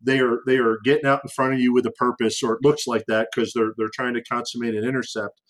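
Animated man telling a war story. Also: mid-range voice, fast talker, rough recording. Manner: animated, acts out radio calls in raised voice; frequent fillers and restarts, conversational. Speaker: former fighter pilot guest. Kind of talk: casual storytelling in conversation.

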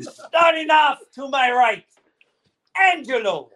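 A man's voice: extremely high pitch, expressive, slow, fairly bright tone, full character voice. A man doing a blustering pirate captain. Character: boastful male pirate captain, gruff and grandiose. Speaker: podcast co-host.

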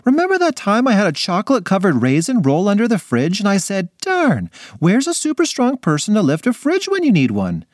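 A man's voice: high voice, huge pitch swings, a little fast, hardly any pauses, no echo, clean studio sound, pitched above the performer's own voice, exaggerated voice. A man voicing a cheerful, overeager mother with a chirpy, sing-song voice.

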